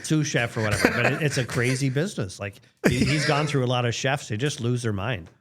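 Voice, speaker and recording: A man's voice: mid-range voice, fast. A middle-aged man making plain, matter-of-fact remarks in casual chat. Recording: loud background noise.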